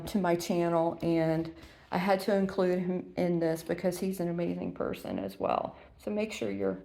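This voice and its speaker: Gushing woman with a lilt. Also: fairly low pitch. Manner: warm and gushing, many ums, emotional near tears. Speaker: vintage reseller vlogger. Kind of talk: casual unboxing chat.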